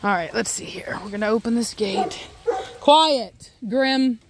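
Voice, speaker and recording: With vocal fry and fairly even intonation, a woman speaks briskly at medium pitch over background noise. She's vlogging outdoors in her yard among the garden and livestock, chatting and rambling through chores with her dogs.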